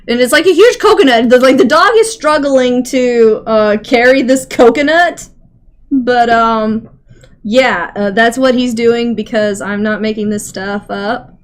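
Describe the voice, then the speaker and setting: A woman narrating a tabletop game as its game master, chatty and giggly, often rambling and filling gaps. Her voice sits a little high for a woman. She takes her time and never rushes. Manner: casual, giggly, rambling with fillers.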